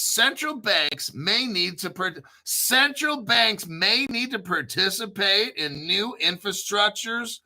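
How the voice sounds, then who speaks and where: A middle-aged man hosts crypto commentary, reading an article aloud in a casual solo show. His voice sits high, and he's excitable and profane, cracking jokes and talking back to himself.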